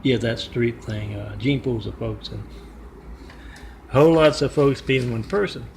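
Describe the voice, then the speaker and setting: Gravelly, rambling male storyteller. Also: mid-range voice, unhurried, a little mellow, a little hiss or hum. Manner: rambling, with many fillers. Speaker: vlogger.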